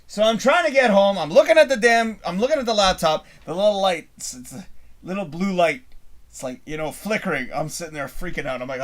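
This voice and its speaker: A Canadian man in middle age hosts a live show, spinning a long, meandering story in a loose, lively manner and cursing freely. His voice is high and fairly quick.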